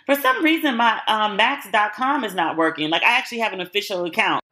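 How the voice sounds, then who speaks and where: Woman podcast host, crisp bright tone, chatty and blunt opinions. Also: mid-range voice, expressive, a little fast. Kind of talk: casual solo chat.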